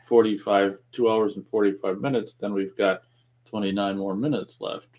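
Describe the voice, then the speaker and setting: A man's voice: on the low side, fairly even intonation, moderate pace, a little mellow. A man co-hosting a casual live radio-style stream, reading viewers' comments aloud and chuckling between them. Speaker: co-host.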